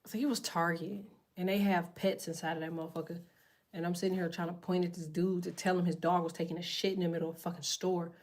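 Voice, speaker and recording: A woman's voice: lowish voice, little pitch movement, fast talker, darkish tone. Woman, livestream host, casual chat, profane, slangy, rambling, from bed at home.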